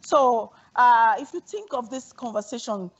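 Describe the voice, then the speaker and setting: A woman's voice: fairly high pitch, animated, unhurried, slightly rough. A woman hosting a talk show, affirming and steering the conversation. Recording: dull lo-fi sound.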